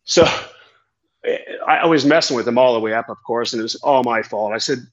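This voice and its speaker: A man's voice: medium pitch, brisk, muffled recording. A man, a tandem skydiving instructor telling a story in a casual, rambling chat and swearing freely.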